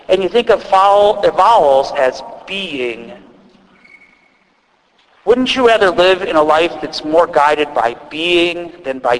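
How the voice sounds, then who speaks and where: A man's voice: high-pitched, fairly bright tone, in a large hall, low-quality recording. A man with an Upper Midwest accent preaching a sermon as a priest, in a conversational way with restarts and asides. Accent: Upper Midwest American. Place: church.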